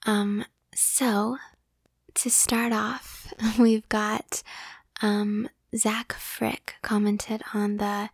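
A woman's voice: mid-range voice, vocal fry, breathy edge, no echo. A young woman whispering as she reads out listener comments in a casual ASMR style, giggling often and joking about herself. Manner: whispered, giggly, self-deprecating. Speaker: ASMR audio creator.

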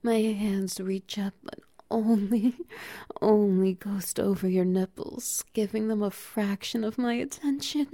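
In a whispered role-play, a woman takes on a cat-like creature with a tail that is dominant and teasing, speaking slowly and breathily with soft laughter throughout. Her voice sits in the mid range.

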